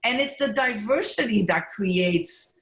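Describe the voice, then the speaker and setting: A woman physician, a guest on a podcast, chatting casually and telling stories with animated bursts of enthusiasm over a video call. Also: fairly high pitch, a little slow. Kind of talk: casual interview chat. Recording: echoey room.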